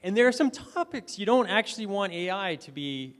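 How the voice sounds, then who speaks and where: A man's voice: sits high, lively intonation, fairly quick, a bit bright. A man giving a conversational conference presentation, full of fillers and restarts. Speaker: conference speaker. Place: conference hall. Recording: reverberant hall.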